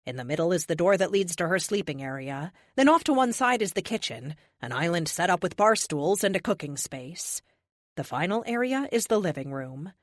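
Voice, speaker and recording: A woman narrating a first-person audiobook in an expressive, youthful, wry manner. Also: on the low side, no echo, studio quality.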